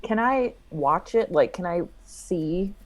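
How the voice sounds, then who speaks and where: Woman at a tabletop game, lowish voice, slow, kinda musing. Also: animated. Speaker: player.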